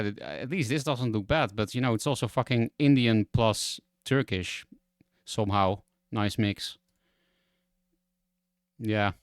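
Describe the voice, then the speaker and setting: A man's voice: medium pitch, clean tone, dry recording, studio quality. A young man from the Netherlands with a Dutch accent, chatting and ranting casually as a streamer, swearing and exasperated.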